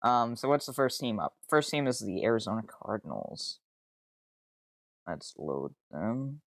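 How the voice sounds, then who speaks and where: A man's voice: on the low side, very animated, measured pace, fairly bright tone. Young man streaming, rambling, profane outbursts, dry close sound, no room echo. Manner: rambling, easily sidetracked, swears freely, exasperated outbursts. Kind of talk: casual live-stream commentary.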